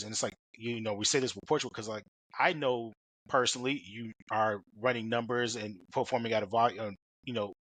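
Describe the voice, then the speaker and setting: Male podcast host, quick and forceful delivery, dry close sound. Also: medium pitch, breathy edge, no echo, low-quality recording. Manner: rambling, many fillers and restarts. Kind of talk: casual interview chat.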